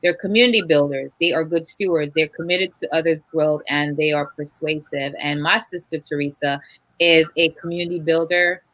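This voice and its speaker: Show host, woman, very low voice with a crisp bright edge, dry close sound, encouraging. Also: steady tone, moderate pace, dry recording, low-quality recording. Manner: affirming, encouraging interviewer. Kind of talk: interview hosting.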